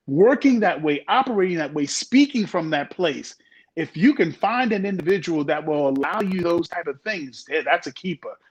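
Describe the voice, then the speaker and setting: High-voiced emphatic man. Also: husky. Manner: emphatic, animated reactions. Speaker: panelist on a men's talk show. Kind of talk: casual conversational talk.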